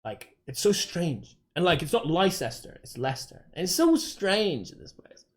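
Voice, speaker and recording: A fairly high-voiced English man from Dorset chats on his game stream. He rambles from point to point, breaking off mid-sentence and leaning on fillers in an easygoing, conversational way. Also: huge pitch swings, normal speed. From England, Dorset. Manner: rambling, chatty, self-interrupting with many fillers. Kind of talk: casual chat while streaming a game.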